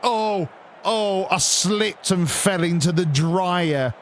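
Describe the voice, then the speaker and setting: A man's voice: high-pitched, slow, slight background noise. An English man putting on a whiny, helpless young woman's voice to mock her. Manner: mocking, whiny.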